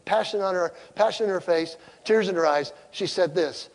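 High-voiced middle-aged male preacher, echoing hall. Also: normal speed, hardly any pauses. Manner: emphatic storytelling, asks the crowd questions. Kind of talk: sermon on marriage with personal stories.

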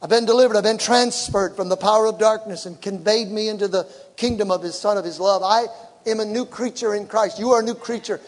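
A middle-aged man preaching a sermon, animated and shouting to his congregation. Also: high voice, brisk. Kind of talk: sermon with personal story. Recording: large hall with long reverb.

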